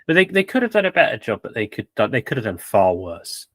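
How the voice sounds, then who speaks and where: A man co-hosting a podcast, giving opinionated, measured analysis in casual chat. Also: medium pitch, very animated, dry recording. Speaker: podcast co-host.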